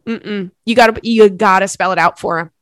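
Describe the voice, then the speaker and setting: A woman's voice: mid-range voice, steady tone, normal speed, a bit bright, no echo. A young woman hosting a podcast, chatting casually and emotionally, reading out listener letters with lots of fillers. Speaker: podcast host.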